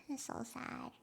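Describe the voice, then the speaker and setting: A young woman streamer chatting casually with her live audience, giggly and quick to react emotionally. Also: bright, forceful tone, slight background noise. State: has a headache.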